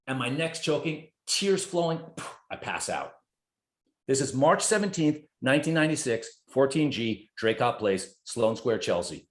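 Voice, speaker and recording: A man in his fifties from New Jersey talks as a podcast guest, middle-pitched and animated, swearing freely and acting out his own inner voice. The room sounds roomy and echoey. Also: moderate pace. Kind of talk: conversational storytelling. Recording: roomy echo.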